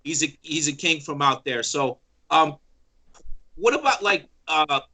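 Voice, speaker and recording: A man co-hosting a talk show, asking curious, halting questions and laughing easily. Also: a little high, expressive, pushed and bright. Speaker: podcast co-host. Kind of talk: casual chat.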